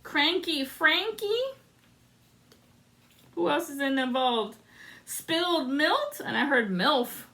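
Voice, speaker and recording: A woman with a high, bright, sharp voice leads a solo spiritual card reading. She is dramatic and sassy, and drops in sung lines and salty asides. She takes her time between phrases. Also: animated, slow, long pauses. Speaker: tarot reader.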